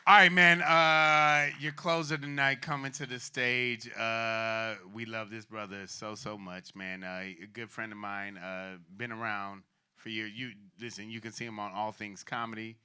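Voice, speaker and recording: Bright-voiced laughing comedy host. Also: male voice, lowish voice, level tone, unhurried, few pauses, clear, resonant tone. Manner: loose, laughing, hyping the crowd. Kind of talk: stand-up crowd work.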